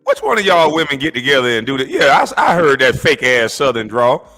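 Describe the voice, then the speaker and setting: A man streaming a profane comedic rant as he reacts to clips, incredulous and mocking, often shouting. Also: mid-range voice, very animated, fairly quick, soft background music.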